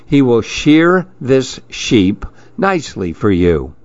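A man voicing a practical, kindly woman vet in a storybook, speaking in a calm, matter-of-fact way. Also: medium pitch, takes it slowly, no room sound, lo-fi sound.

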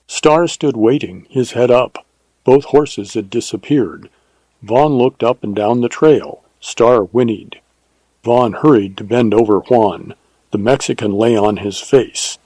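A man narrating a western novel as an audiobook, in a measured storytelling manner on a close studio mic. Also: medium pitch, warm tone, breathy edge, dry recording, rough recording.

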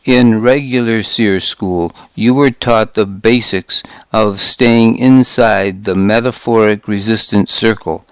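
A man's voice: lowish voice, steady tone, takes it slowly, few pauses, smooth, no room sound. A man doing a stern male instructor. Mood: lecturing. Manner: lecturing, matter-of-fact.

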